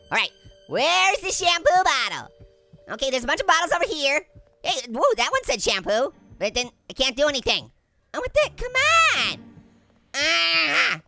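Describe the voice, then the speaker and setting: A hyper male cartoon orange, with an extremely high, squeaky voice that bounces all over the place. His tone is bright and sharp, and he cracks puns and giggles at his own jokes. He chatters through a video game as comedic commentary. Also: creaky, full character voice. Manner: giggly, punning, jokey. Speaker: let's play host.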